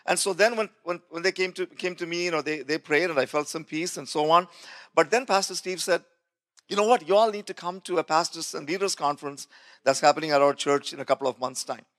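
A male pastor shares his personal testimony in a sermon, speaking quickly in a somewhat high, fairly bright voice. He tells the story by acting out what others said, laughing along, and often restarts his words.

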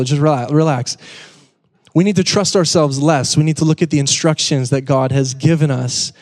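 A man's voice: a little high, fairly even intonation, normal speed, a little mellow, in a large hall. A man preaching a sermon to his congregation, casual and joking, repeating key points for emphasis. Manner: conversational, joking asides, emphatic repetition. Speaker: pastor. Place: church sanctuary.

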